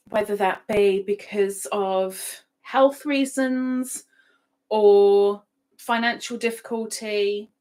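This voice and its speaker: A woman's voice: medium pitch, a little mellow, low-quality recording. A woman hosting a live stream from her home computer setup, chatting casually, often repeating herself and laughing. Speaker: livestream host.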